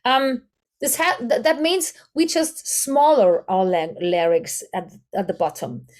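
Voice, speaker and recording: A woman's voice: fairly high pitch, steady tone, unhurried. A woman with a German accent teaching a voice workshop, searching for English words and demonstrating vocal exercises. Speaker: voice coach.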